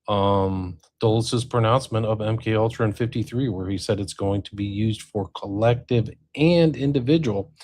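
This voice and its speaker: A man's voice: on the low side, darkish tone. A man co-hosting a casual discussion on a remote call, asking questions and steering the conversation. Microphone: remote call mic.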